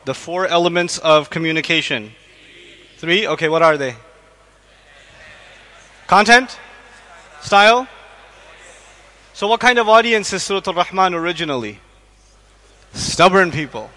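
A man giving an animated religious lecture to a live audience, questioning listeners and acting out quotes. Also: on the high side. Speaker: Islamic lecturer. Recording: echoey hall.

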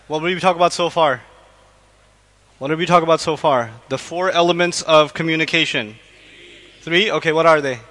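A man giving a lively religious lecture on the Quran to a live audience, quizzing the listeners and acting out little scenes as he goes. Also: high voice.

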